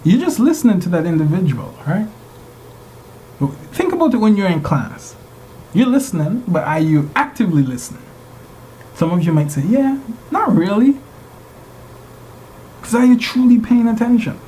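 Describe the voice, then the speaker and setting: Mellow-voiced male instructor lecturing a class. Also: high voice, very animated, normal speed, slight background noise, low-quality recording. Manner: engaging, asks the class rhetorical questions.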